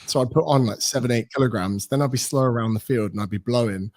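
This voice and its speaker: Guesting on a laid-back podcast, a British man in his thirties who works as a personal trainer talks fast at medium pitch. He tells stories with plenty of energy, acting out quoted dialogue along the way.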